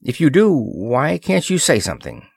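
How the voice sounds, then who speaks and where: A man's voice: on the low side, expressive, unhurried, dry recording, studio quality. A man voicing a firm, emphatic expedition leader.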